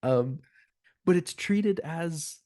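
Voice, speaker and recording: A man's voice: on the high side, drawn-out words, dark tone, no echo, studio quality. A man co-hosting a casual film review, making earnest points with rhetorical questions. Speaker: podcast co-host.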